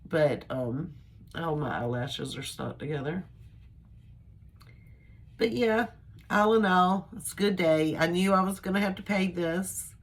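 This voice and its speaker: Slow, low-voiced older woman vlogging. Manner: rambling, chatty, homespun. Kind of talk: casual personal chat to camera.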